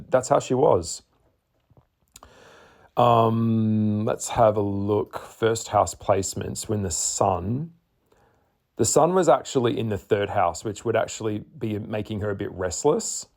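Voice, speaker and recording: A man's voice: lowish voice, a little mellow. A man giving an astrology chart reading in a candid, chatty way, swearing and laughing often. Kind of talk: casual spoken chart reading.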